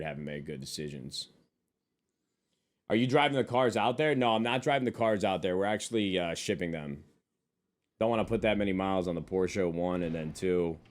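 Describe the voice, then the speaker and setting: A man streaming live, talking casually to his chat in loose, profane, joking banter from his desk. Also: sits low. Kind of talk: casual stream chat reading and answering viewers. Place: at a desk with a monitor.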